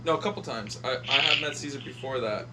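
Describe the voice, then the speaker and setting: A man in casual podcast chat, excitable and profane, often breaking into laughter. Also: mid-range voice, quick pace, over a noisy crowd.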